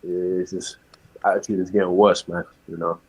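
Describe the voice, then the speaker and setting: A man with a very deep, husky voice speaks on a podcast panel. His delivery is flat and laid-back, dotted with "you know". He sounds unhurried and plain. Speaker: panel guest. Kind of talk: casual panel chat.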